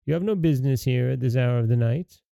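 A man's voice: medium pitch, fast talker, creaky, mellow, no echo, clean studio sound, natural voice. A man voicing a naive, fearless young man who speaks earnestly and plainly, in a storybook reading.

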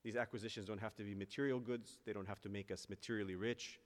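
A male priest delivers a sermon in a low voice. He builds earnestly to emphatic high points and then slows down deliberately on the phrases that matter. His words hang in the long reverb of a church. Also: steady tone.

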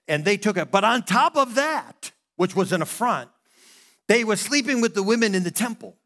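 A man's voice: high voice, lively intonation, a little fast, fairly bright tone. A middle-aged man, a pastor, preaching a sermon in a conversational way, often stopping and restarting his sentences.

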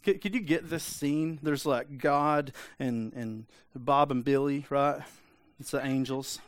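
Guy preaching a sermon, chatty, mid pitch, dry close sound. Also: slow pace, no echo. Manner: conversational preaching, asks the congregation for amens. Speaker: pastor.

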